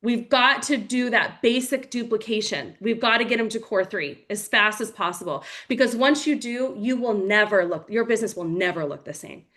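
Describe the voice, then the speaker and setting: A woman leads a motivational team call with lively storytelling, acting out little quoted scenes as she goes. Her voice is bright and clear, sitting a touch high. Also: normal speed, hardly any pauses. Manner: energetic, storytelling, animated with acted quotes. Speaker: team leader.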